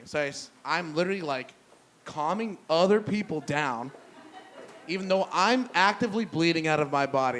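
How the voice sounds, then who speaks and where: A young man telling a profane stand-up story on a brewery stage, loose and conversational, dropping low for punchlines. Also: animated, normal speed, fairly bright tone, a little hiss or hum. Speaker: stand-up comedian. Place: brewery stage before a live audience.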